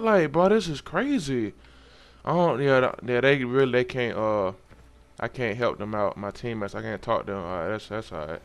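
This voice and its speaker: A young man giving loose, profane, excitable commentary while playing a game. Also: mid-range voice, normal speed, clean tone. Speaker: gamer. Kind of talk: casual gameplay commentary.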